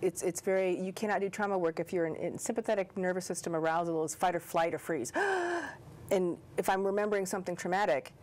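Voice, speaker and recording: A woman hosting a talk show, soft-spoken and hesitant, often repeating words as she asks questions. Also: on the low side, fairly even intonation, fast talker, few pauses. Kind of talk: interview conversation.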